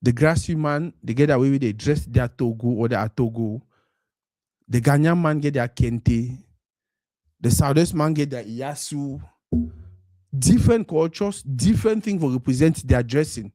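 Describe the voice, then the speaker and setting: A man's voice: mid-range voice, normal speed, dark tone, no room sound, studio quality. A man from Cameroon with a Cameroonian Pidgin English accent, hosting a live stream in a casual monologue that slides between Pidgin and English. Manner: mixes Pidgin and English, acts out quoted voices.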